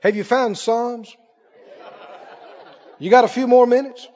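A man preaching a sermon to a congregation, animated, laughing often and asking them questions. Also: extremely high pitch, a little slow, highs cut off, some chatter behind.

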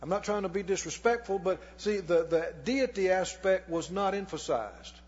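A man preaching a sermon as pastor, reading scripture slowly and putting questions to the congregation that he answers himself. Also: high voice, animated, darkish tone, breathy edge. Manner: reads scripture slowly and deliberately. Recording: long hall reverb, dull lo-fi sound.

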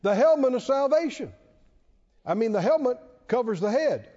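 A man's voice: very high-pitched, big pitch swings, normal speed, warm tone. A man preaching a sermon to a congregation, emphatic and repetitive, often asking the listeners questions. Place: church. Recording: dull, lo-fi church hall reverb.

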